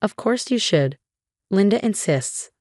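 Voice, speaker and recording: A woman's voice: mid-range voice, lively intonation, unhurried, darkish tone, dry recording, studio quality, voice pushed up. A woman voicing a pushy, defiant grandmother. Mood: defensive. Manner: scoffing, defiant.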